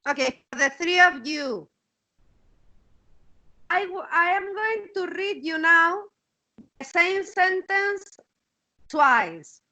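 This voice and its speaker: High-voiced Spanish-accented woman teaching online. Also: lively intonation, takes it slowly, long pauses, bright, forceful tone, low-quality recording. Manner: repeats words while searching, checks with "okay?". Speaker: English teacher. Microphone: video call.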